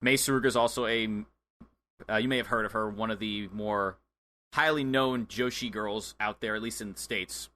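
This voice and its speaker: A man co-hosting a wrestling podcast, excitable and chatty, with plenty of fillers. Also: lowish voice, normal speed. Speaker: podcast co-host. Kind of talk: casual chat.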